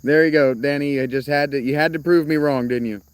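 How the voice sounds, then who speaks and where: A man's voice: fairly high pitch, steady tone, a little fast, clear, resonant tone, dry recording. Man, casual streamer, rambling, self-interrupting, outdoors, crickets in background. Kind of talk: casual live-stream chat.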